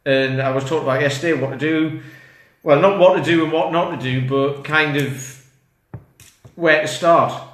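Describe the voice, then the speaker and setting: A man's voice: fairly high pitch, normal speed. A man, a fitness coach, chatting casually to camera indoors in a rambling, self-interrupting way. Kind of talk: casual talking-head vlog. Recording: roomy echo.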